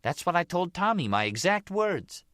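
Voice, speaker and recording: Up in a high, darting voice, a man reads as a brash young mob girlfriend in an audiobook, gossipy and wheedling. The sound is dry and close. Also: very animated, normal speed, a bit bright, clear, resonant tone, dry recording.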